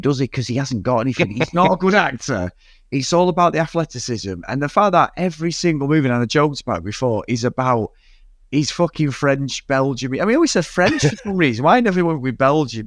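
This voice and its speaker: A man's voice: mid-range voice, dry recording, studio quality. A man with a Mancunian accent co-hosting a casual podcast chat, ranting and swearing freely as he goes off on tangents. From Manchester area, England. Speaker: podcast co-host.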